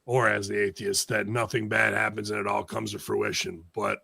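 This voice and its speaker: Ranting gravelly man, dry close mic. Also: lowish voice, steady tone, moderate pace, bright, forceful tone, no room sound. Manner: ranting, profane, sarcastic. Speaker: podcast host. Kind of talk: heated casual wrestling talk.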